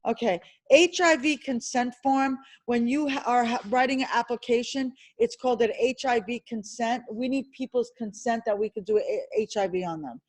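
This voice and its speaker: A high-pitched woman leads a classroom review, her delivery brisk and insistent. She keeps throwing quick questions at the students and stresses the key points firmly. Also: low-quality recording. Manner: emphatic and animated. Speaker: insurance licensing instructor.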